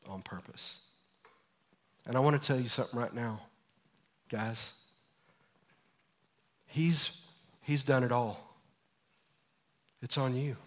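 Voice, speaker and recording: A man in his forties preaching a sermon as pastor, telling stories with energy and then dropping to a hushed, earnest tone. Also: mid-range voice. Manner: animated storytelling, swinging from loud to hushed. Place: church.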